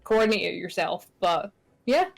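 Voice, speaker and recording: A woman's voice: lowish voice, moderate pace, vocal fry. A woman co-hosting a charity stream, telling stories in casual chat. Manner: chatty storyteller.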